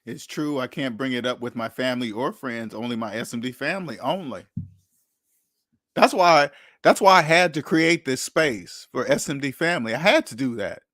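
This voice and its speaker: A man's voice: mid-range voice, lively intonation, moderate pace, a bit bright, no room sound, studio quality. A man hosting a live money chat, talking casually and animatedly, repeating himself and acting out the people he quotes. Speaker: channel host answering chat.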